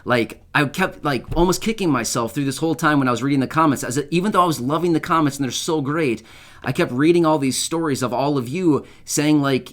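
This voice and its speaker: A man's voice: on the high side, brisk. A man hosting his own channel, talking casually and earnestly to his viewers, rambling with lots of fillers and heartfelt asides. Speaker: channel host. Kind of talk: casual to-camera talk.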